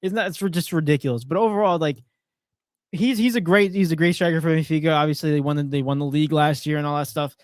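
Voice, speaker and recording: A man co-hosting a podcast, talking quickly in a teasing, casual way about sports and laughing often. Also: on the high side, dry recording, clean studio sound. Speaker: podcast co-host.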